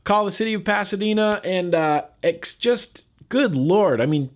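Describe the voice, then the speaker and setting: A man's voice: sits high, expressive, moderate pace. A man from California talking casually to camera in a vlog, getting fired up and repeating words for emphasis. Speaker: vlogger.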